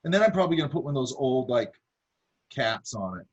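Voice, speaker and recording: A man's voice: mid-range voice, very animated, quick pace, slightly rough, highs cut off. A man teaching a drawing class, talking casually as he sketches, with lots of fillers and asides. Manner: talks while drawing, many fillers and asides. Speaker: art instructor.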